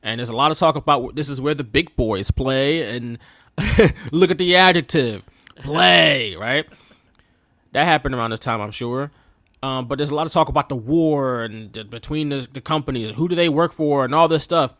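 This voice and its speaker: A man's voice: medium pitch, moderate pace, fairly bright tone, no room sound, clean studio sound. A man hosting a wrestling podcast, chatting casually with a co-host, laughing often and filling his talk with fillers. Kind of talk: casual chat.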